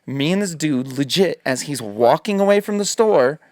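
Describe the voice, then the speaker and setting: Animated swearing man telling a story. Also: on the high side, moderate pace, no echo, studio quality. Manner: animated, swearing, acts out quotes. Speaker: podcast host. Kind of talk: casual storytelling chat.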